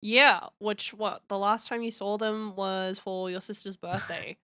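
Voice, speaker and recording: A woman's voice: medium pitch, fairly even intonation, unhurried, pushed and bright, clean tone, no room sound, studio quality. A young woman with an Australian accent, chatting casually as a stream host, teasing and giggling often. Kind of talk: casual chat.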